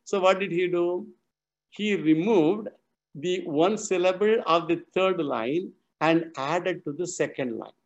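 A man's voice: high voice, highs cut off. Man lecturing patiently. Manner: explains slowly, repeats key terms, chuckles. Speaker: teacher of scripture.

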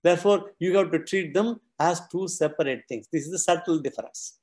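A man's voice: fairly high pitch, a little fast, darkish tone. A man gives a scripture class. He explains patiently and says key phrases again and again so the students follow. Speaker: teacher of scripture.

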